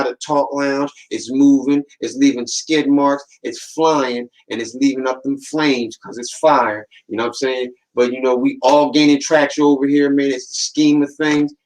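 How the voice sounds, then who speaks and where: This podcast host's medium-pitched voice comes through a low-quality recording as he gives a relaxed monologue of slangy, streetwise stories. He acts out the voices of people he quotes and keeps warning listeners with "man" and "watch."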